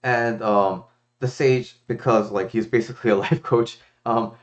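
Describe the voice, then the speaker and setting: A man's voice: on the low side, measured pace, dull audio. A man who is a life coach, talking thoughtfully to a viewer in a casual, reflective way. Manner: thoughtful, lots of fillers and restarts, expressive. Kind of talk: casual reflective talk to camera.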